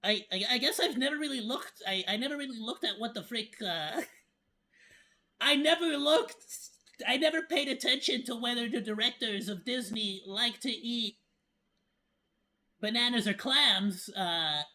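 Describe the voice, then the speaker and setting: A man's voice: very high voice, a little slow, bright, forceful tone. A man chatting casually as a streamer reacting to a video, joking, laughing often and stumbling over restarts.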